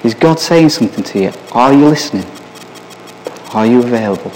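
A man's voice: mid-range voice, lively intonation, a little fast, darkish tone, a little hiss or hum. A man preaching a sermon, reading scripture and asking his listeners many searching questions. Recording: long hall reverb.

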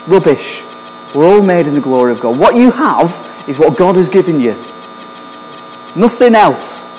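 A man's voice: sits high, darkish tone, in a large hall, a little hiss or hum, poor audio. A man preaching a sermon in a conversational way, often asking the congregation questions.

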